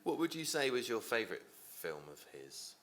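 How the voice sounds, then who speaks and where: A man interviewing a guest, asking questions in a lively, prompting way. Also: medium pitch, moderate pace.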